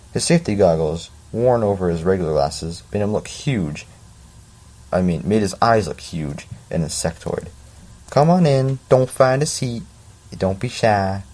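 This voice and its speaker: A man's voice: sits low, darkish tone. A man reading a story aloud in a casual way, breaking off for chatty, self-mocking asides. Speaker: story reader.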